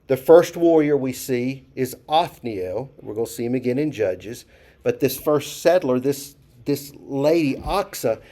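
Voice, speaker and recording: A man's voice: mid-range voice, mellow. A man leading a church Bible study, talking casually, asking the group questions and repeating key phrases for emphasis. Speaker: pastor.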